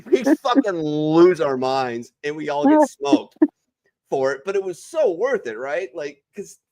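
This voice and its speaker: A young adult man, a veteran panelist on a video call, telling stories in a casual, profane and animated way. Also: fairly high pitch, unhurried. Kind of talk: casual storytelling chat.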